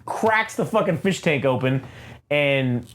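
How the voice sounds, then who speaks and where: Male podcast co-host, lively swings in pitch, casual, profane comic recap. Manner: animated, profane retelling with quick character voices.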